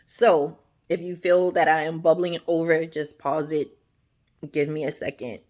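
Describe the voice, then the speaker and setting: A woman giving a casual devotional talk to her viewers, chatty and animated, often asking "right?" and acting out quoted voices. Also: measured pace. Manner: acts out quoted voices, often drops soft and low. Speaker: faith vlogger.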